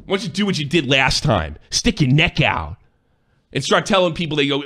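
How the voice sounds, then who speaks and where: An angry man in a profane, accusing rant, sometimes shouting. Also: on the high side, wildly swooping pitch, brisk. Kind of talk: heated rant.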